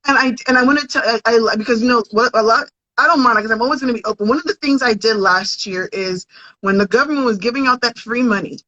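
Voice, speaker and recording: A woman's voice: on the high side, fast, sharp tone, dry recording. A woman in her thirties, a podcast guest and content creator, chatting earnestly and restarting her sentences. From United States. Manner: earnest, chatty, repeats words as she starts. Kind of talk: casual interview chat. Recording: dry, dull lo-fi audio.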